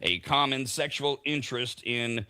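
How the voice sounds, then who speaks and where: A man's voice: medium pitch, normal speed, bright, forceful tone, smooth. A man hosting a morning radio show in a studio, chatting and reading out facts about the day. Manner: chatty, reads out the day's facts. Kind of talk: casual morning radio chat.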